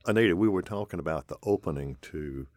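A man hosts a radio interview show with a low voice. He explains things in a folksy, conversational way. The studio sound is dry. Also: animated, fast talker, darkish tone, no room sound.

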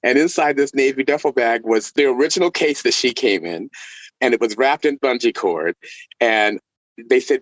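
A middle-aged man from Texas, a violinist guest, telling stories in a casual interview with laughs and animated delivery. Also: mid-range voice, normal speed, no room sound, dull audio. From El Paso, Texas.

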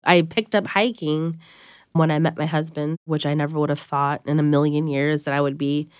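Woman, around thirty, interviewee, candid, casual, fillers, lowish voice, dry recording. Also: fairly even intonation, normal speed, smooth, no room sound. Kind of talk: personal interview.

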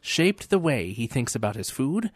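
A man reading scripted documentary narration in a clear, measured delivery. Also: mid-range voice, sing-song, a little hiss or hum.

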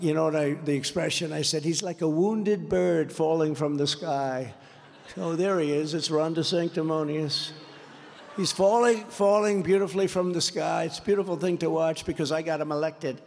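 Gravelly older man rallying a big hall. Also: fairly high pitch, fairly even intonation, normal speed. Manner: rambling, repetitive, boastful storytelling. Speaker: political candidate at a rally. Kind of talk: off-script campaign rally speech. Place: large indoor rally venue. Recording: long reverb from a large hall.

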